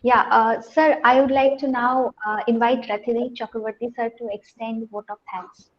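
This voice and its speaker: A woman's voice: on the high side, fairly even intonation, moderate pace. Polite woman moderating, muffled call. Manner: polite, addresses people as sir. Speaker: moderator of an online lecture. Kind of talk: formal event moderation.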